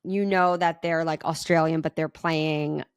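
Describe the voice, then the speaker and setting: A woman's voice: low voice, steady tone, a little slow, clear, resonant tone, no room sound, clean studio sound. A woman from Rhode Island co-hosting an interview, asking questions in an enthusiastic, gushing way. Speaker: co-host. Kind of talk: casual interview chat.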